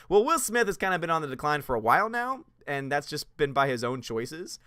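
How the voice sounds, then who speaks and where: Bright, sarcastic male stream host. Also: fairly high pitch, big pitch swings, a little fast, hardly any pauses, clean tone, no echo, studio quality. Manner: emphatic, sarcastic, laughs often mid-sentence. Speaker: movie commentary channel host. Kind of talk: live-stream chat reading and rant.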